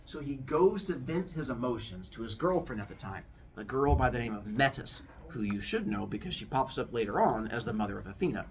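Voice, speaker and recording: A man hosting a podcast, telling a myth as an animated, jokey comic story. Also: mid-range voice, a little fast, distant mic. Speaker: podcast host.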